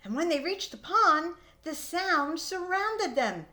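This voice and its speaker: A woman, a preschool teacher, reading a picture book aloud to young children and pausing to ask them questions. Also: very high-pitched. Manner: expressive, slow storytelling with questions to children.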